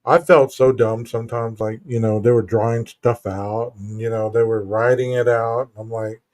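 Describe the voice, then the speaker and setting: A man co-hosting a casual podcast. He tells stories in an animated way and acts out the lines people said to him. His voice sits at an ordinary pitch. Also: normal speed. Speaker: podcast co-host. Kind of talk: casual chat.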